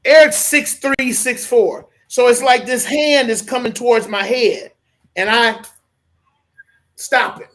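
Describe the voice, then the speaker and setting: Animated storytelling man, pastor as guest. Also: very high-pitched, slow. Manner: animated storyteller, repeats "okay?" for emphasis; switches into lively voices when quoting people. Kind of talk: conversational storytelling.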